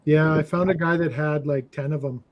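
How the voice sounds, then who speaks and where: A man hosts a relaxed livestream with friends, his voice sitting on the higher side. He tells stories with laughs between lines. A faint hiss of background noise runs under the talk. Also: normal speed, dull audio. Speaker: livestream host. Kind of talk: casual chat among friends.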